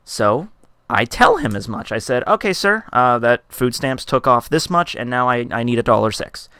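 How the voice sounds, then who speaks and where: A man tells a story from behind a shop counter in an exasperated, profane rant, acting out the customers' lines as he goes. His voice sits at an ordinary pitch, and the recording is dry, with no room sound around it. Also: sing-song, normal speed, bright, forceful tone, smooth, no echo. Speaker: vlogger.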